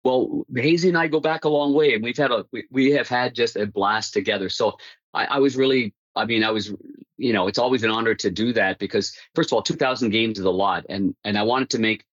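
A man's voice: medium pitch, a little fast, a bit bright, no room sound, dull audio. A man, a hockey broadcaster, recounting stories casually in an interview, with frequent restarts and laughter. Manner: rambling, many restarts, laughs at own stories.

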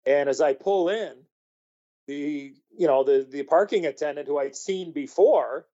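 Man, rambling storyteller, slightly high voice, mellow tone, dull lo-fi recording. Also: unhurried. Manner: rambling, many fillers and restarts. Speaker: guest, former hockey player. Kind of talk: storytelling in a podcast interview.

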